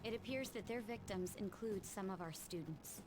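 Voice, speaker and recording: An actress playing a stern teenage student council president in a video game, cool and commanding. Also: female voice, medium pitch, moderate pace, close to an everyday voice, low-quality recording. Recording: game audio with music behind.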